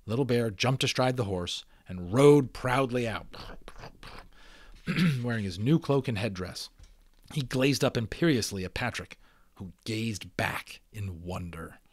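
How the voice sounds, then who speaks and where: A man giving a dramatic reading of a children's novel, expressive and adding casual asides. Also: mid-range voice, measured pace, dry recording. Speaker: audiobook reader.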